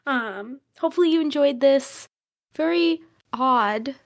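A woman's voice: high-pitched, a little slow. A woman co-hosting a podcast in casual chat, playful and joking. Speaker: podcast co-host.

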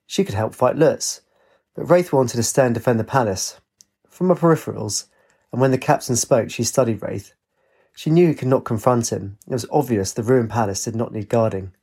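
A man narrating a storybook in a steady, expressive reading voice. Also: mid-range voice, normal speed, slightly rough.

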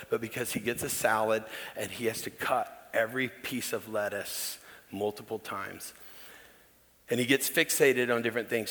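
A man's voice: medium pitch, a bit bright. A middle-aged man, a pastor, preaching a candid, conversational sermon that speaks directly to the congregation. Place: church hall. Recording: long church-hall reverb.

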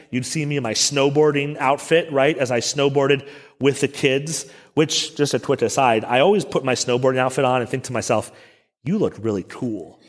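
A middle-aged man preaching a Sunday sermon as pastor, conversational, with self-deprecating asides. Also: medium pitch. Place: church sanctuary. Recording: long church reverb.

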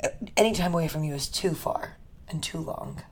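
A woman's voice: low voice, brisk. A young woman from the United States co-hosting a podcast, chatting casually in a bubbly, teasing way and laughing often. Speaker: podcast co-host. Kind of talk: casual chat.

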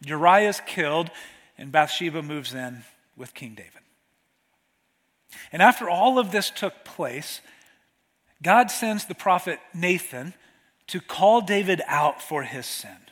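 High-voiced man preaching in a reverberant hall. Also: expressive, a bit bright. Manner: conversational preaching, slows for scripture reading. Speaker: pastor. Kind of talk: sermon.

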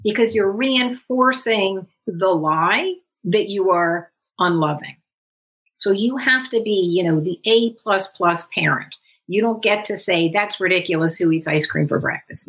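A woman psychologist speaking as a guest in a podcast interview, explaining in a measured, instructive way. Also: medium pitch, fairly bright tone.

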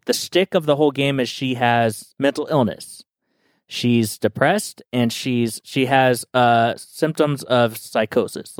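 A man's voice: medium pitch, smooth, no room sound, clean studio sound. A young man co-hosting a podcast, explaining a video game in an enthusiastic, rambling casual way full of "like" and "dude". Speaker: podcast co-host.

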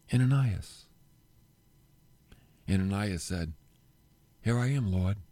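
A middle-aged man preaching a sermon, telling the story with animated delivery and acting out the quoted lines. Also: mid-range voice, no echo. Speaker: pastor.

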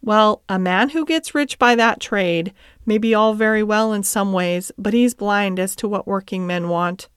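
A steady working man in a classic storybook, firm in his principles and earnest with his family, as a woman reads him. Her smooth, clear voice sits dry and close to the mic. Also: mid-range voice, no room sound, close to an everyday voice. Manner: earnest and measured. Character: steady, principled middle-aged cab driver and father.

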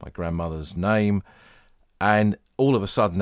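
A middle-aged English man with a low, deep voice tells battlefield history in a measured, anecdotal way. The recording is dry and close, with no room sound around him. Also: no echo. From England. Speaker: podcast host, battlefield historian. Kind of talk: podcast narration, guided tour talk.

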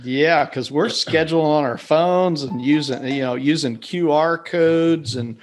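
A man's voice: a little high, unhurried, a little hiss or hum. A man co-hosting a podcast, chatting casually with self-deprecating jokes and a rambling, easygoing manner. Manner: rambling, self-deprecating, many fillers and restarts. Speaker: podcast co-host. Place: wife's office.

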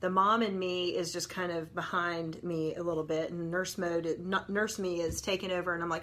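A woman's voice: mid-range voice, steady tone, a little fast, a bit bright. A woman, a nurse and mother telling a personal story as an earnest, conversational devotional talk.

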